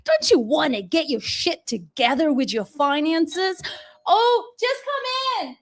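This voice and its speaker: A woman's voice: sits high, big pitch swings, takes it slowly. A woman teaching a live online class from her home kitchen, bubbly and gushing, laughing often. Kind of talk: live-streamed class, casual and chatty.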